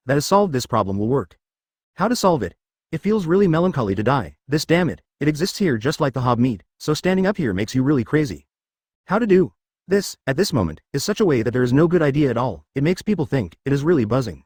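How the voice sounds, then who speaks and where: A man's voice: mid-range voice, dry recording, studio quality. A man narrating a story in a stilted, literal reading style, breaking in with abrupt sound words.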